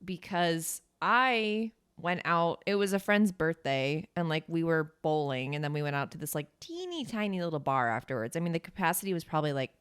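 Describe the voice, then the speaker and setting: A woman's voice: low-pitched, expressive, fairly quick, few pauses, fairly bright tone, clean tone. A young woman co-hosting a podcast, telling a bar story in casual chat, swearing and acting out quotes. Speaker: podcast co-host.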